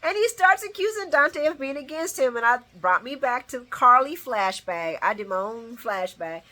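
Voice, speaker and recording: Animated woman giving a lively soap recap. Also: high-pitched, moderate pace. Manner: animated, laughing, acts out characters' lines in quotes; uses casual slang and swearing. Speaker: soap opera recap host. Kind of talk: casual recap vlog.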